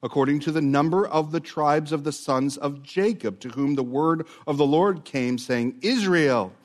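A man's voice: a little high, moderate pace. Earnest man preaching with rising emphasis. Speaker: pastor. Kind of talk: sermon.

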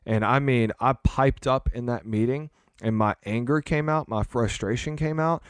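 A man's voice: medium pitch, moderate pace, smooth, dry recording, studio quality. A man hosting a podcast, talking earnestly in a casual, rambling way with fillers and restarts. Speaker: podcast host, church leader.

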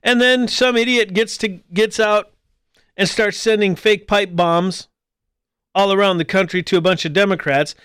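A man's voice: high-pitched, fairly even intonation, normal speed, a bit bright, clean tone, no echo, studio quality. A man hosting a political commentary show, arguing his point and now and then mimicking squabbling voices mockingly. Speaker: podcast host.

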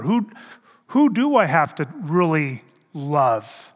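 A middle-aged man preaching a sermon as a pastor, in a slow, halting way that repeats words and poses rhetorical questions. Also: a little high, big pitch swings, a bit bright. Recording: reverberant hall.

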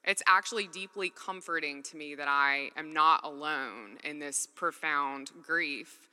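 Woman preacher, earnest and chatty storyteller, bright voice, pitch sitting a bit low. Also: unhurried, big-room sound. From Mississippi, US. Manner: earnest, conversational, acts out dialogue. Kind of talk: sermon with personal storytelling.

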